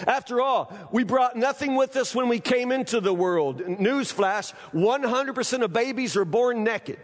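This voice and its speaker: A pastor delivers a sermon in a folksy, conversational manner, circling back on phrases. His voice sits high for a man. The sound carries the long reverb of a large hall. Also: expressive, normal speed, hardly any pauses. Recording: echoey hall.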